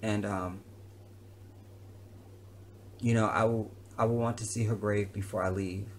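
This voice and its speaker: A man who works as an entertainer, telling a personal story to camera in an animated, slangy, conversational way. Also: fairly low pitch, measured pace, slight background noise.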